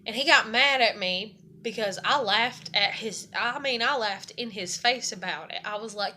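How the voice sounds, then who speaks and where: Speaking at a moderate pace with hardly any pauses, this young vlogger has a slightly high voice and a sharp tone, with a little hiss or hum in the audio. She vents tearfully about her marriage and struggles, swearing and sometimes sounding shaky.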